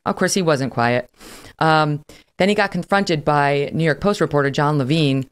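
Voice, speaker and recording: Low-voiced woman hosting a talk show. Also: brisk. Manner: opinionated, conversational, with frequent fillers. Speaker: podcast host.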